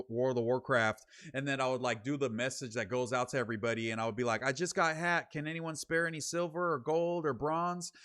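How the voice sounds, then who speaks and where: Young streamer from Sacramento, mid-pitched, casual, reads chat aloud and rambles through stories with plenty of "uh" and "like.". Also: male voice, fairly bright tone. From Sacramento, California. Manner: rambling, slangy storytelling with many fillers. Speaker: streamer hosting a late show. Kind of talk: casual livestream chat, reading viewer comments.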